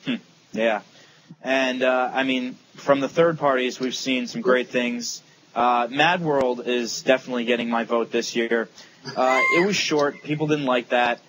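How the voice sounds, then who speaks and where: A man's voice: mid-range voice, fairly even intonation, a little slow, fairly bright tone, a little hiss or hum, poor audio. A young man co-hosting a casual gaming podcast, rambling with lots of fillers and teasing his friends. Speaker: podcast co-host.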